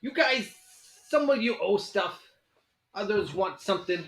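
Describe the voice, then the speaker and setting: A man's voice: high voice, animated, a little slow, fairly bright tone, reverberant, soft background music, pitched above the performer's own voice, full character voice. A man doing a brash mobster kobold. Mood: bossy. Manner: mobster swagger, threatening and brash. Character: small scheming male kobold mob envoy.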